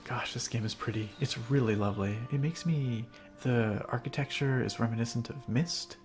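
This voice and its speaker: A man's voice: medium pitch, normal speed, faint music behind. A man casually chatting and laughing as he streams a game, rambling between thoughts. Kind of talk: casual gameplay commentary.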